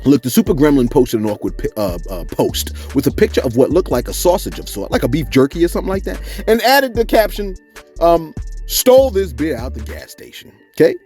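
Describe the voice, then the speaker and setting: A man hosts celebrity gossip commentary in a slangy, chatty manner and keeps checking in with his viewers. His voice sits high and leaps all over the place. Faint music plays underneath. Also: a little fast. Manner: animated, slangy, repeats "you see what I'm saying". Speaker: host of celebrity gossip channel.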